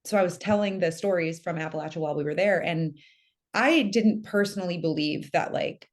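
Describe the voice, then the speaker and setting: A woman's voice: on the low side, fairly quick. A woman guest telling a spooky personal story in casual conversation, chatty with lots of fillers. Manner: animated storytelling with many fillers. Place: lives in Tennessee.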